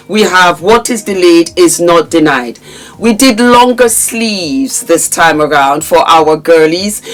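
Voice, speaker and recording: A woman's voice: medium pitch, low-quality recording. A woman hosting her own channel, chatting casually with viewers in an effusive, affectionate way. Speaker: host.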